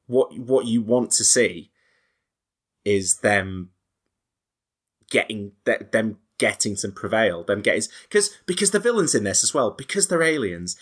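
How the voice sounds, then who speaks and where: A man chatting casually about a movie, animated and stumbling over restarts as he acts out lines. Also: on the low side, measured pace, pauses often. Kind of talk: casual podcast film discussion.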